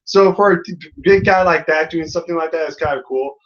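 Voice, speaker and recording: Man, host, casual rambling chat, lots of ums, slightly high voice, muffled audio. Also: fairly quick, a bit bright, a little hiss or hum. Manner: rambling, many fillers. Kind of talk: casual wrestling review chat.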